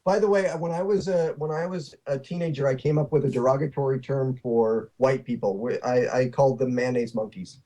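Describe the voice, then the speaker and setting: A man hosting a casual talk show, rambling and halting with many restarts. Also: medium pitch, dark tone. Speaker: podcast host. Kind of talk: casual chat.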